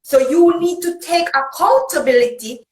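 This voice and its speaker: A woman's voice: very high-pitched, moderate pace, roomy sound, low-quality recording. A woman host, talking bluntly and emphatically in a casual chat. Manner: blunt, emphatic, patois-tinged. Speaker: podcast host.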